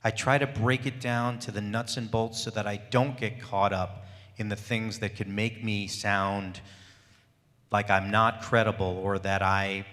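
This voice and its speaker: A man talks to a crowd at a convention panel, emphatic and fond of rhetorical questions. His tone is bright and forceful. A long reverb trails his words through the large hall. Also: lowish voice, level tone, measured pace. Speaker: voice actor panelist.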